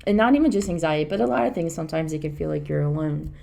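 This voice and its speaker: A woman's voice: low-pitched, expressive, very fast, gravelly, mellow. A woman co-hosting a podcast in casual, earnest chat, rambling and reassuring. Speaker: podcast co-host.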